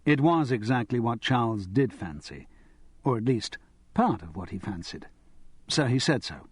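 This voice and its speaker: A man narrating an audiobook in a wry, expressive manner. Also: mid-range voice, normal speed, husky, dry recording.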